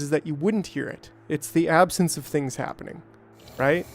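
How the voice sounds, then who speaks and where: A man's voice: a little high, a little fast, a little hiss or hum. Rambling, jokey man playing a game. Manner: rambling, self-talking, jokey with bursts of excitement. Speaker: gameplay streamer. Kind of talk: casual let's-play commentary.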